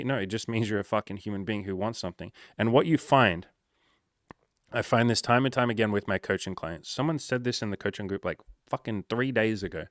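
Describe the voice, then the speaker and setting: A man's voice: on the low side, a little fast, a bit bright, no echo, studio quality. A man working as a dating coach, giving casual, frank advice with energy and plenty of swearing.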